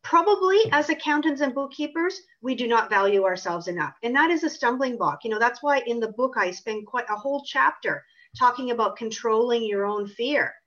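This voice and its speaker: A woman's voice: a little high, a little fast, fairly bright tone. A woman author answering interview questions in an emphatic, assertive way. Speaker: author and pricing consultant. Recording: dull lo-fi audio.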